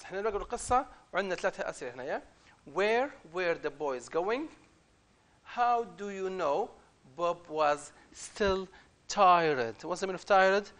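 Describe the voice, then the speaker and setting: Male English teacher, high voice, patient and repetitive explainer. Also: a bit bright. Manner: reads the story aloud with emphatic, raised delivery; explains words patiently, repeating phrases. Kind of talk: classroom lesson explaining a reader story.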